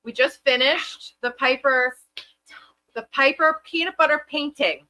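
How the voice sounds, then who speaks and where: A woman's voice: high-pitched, a little slow, sharp tone, a little hiss or hum, low-quality recording. A woman co-hosting a live farm stream, chatting casually and joking with her partner.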